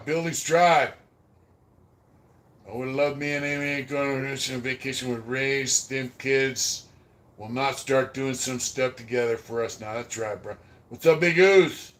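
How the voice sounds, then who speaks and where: A man hosting a podcast, telling prison stories in a rambling, profane way and thanking viewers for super chats. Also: mid-range voice. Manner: rambling, profane, trails off quietly. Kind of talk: casual storytelling about prison life.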